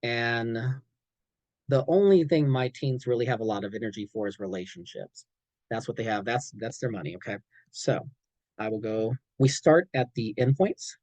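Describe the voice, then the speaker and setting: A man giving a clinical training presentation in an animated way, checking in often and acting out examples. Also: medium pitch, normal speed, dry recording, poor audio. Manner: animated, frequent "okay?" check-ins, acts out examples.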